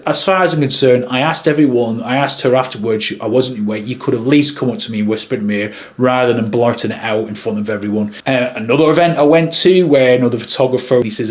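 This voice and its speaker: Man telling wedding work stories. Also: mid-range voice. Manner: acts out other people's lines in animated voices. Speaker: wedding videographer. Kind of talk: casual storytelling to camera.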